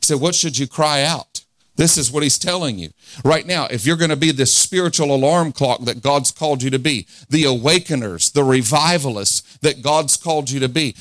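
A man's voice: a little high, normal speed, fairly bright tone, no room sound. A man in his forties preaching a fervent revival sermon, leading the crowd in call-and-response and laughing often. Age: 40s.

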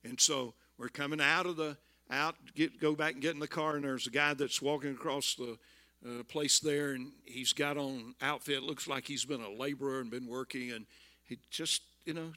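A man in his seventies with a Southern US accent, telling stories in a folksy sermon and building to loud exclamations. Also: mid-range voice, steady tone, moderate pace. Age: 70s. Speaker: visiting preacher. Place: church.

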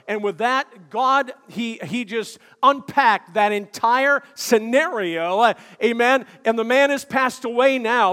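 An older male pastor preaching a sermon, telling stories with frequent "uh" fillers and building to shouted emphasis. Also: very high-pitched. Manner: storytelling preacher with many "uh" fillers, rising to shouts. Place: church sanctuary. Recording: long hall reverb.

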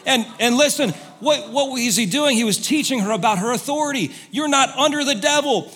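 A man preaching a sermon, telling stories and moving between quiet asides and loud exhortation. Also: very high-pitched, lively intonation, moderate pace, slightly rough. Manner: storytelling, swings from soft to loud exhortation. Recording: long hall reverb.

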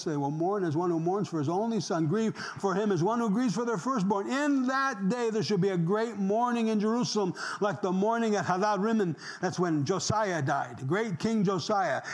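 A man in his sixties preaching a sermon, firing rhetorical questions and swinging from loud emphasis to emotional near-whispers. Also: high voice. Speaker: pastor.

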